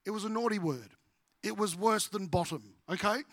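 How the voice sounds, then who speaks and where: A middle-aged Australian man, a pastor preaching a sermon with humorous, animated storytelling. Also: high voice, moderate pace, dry recording.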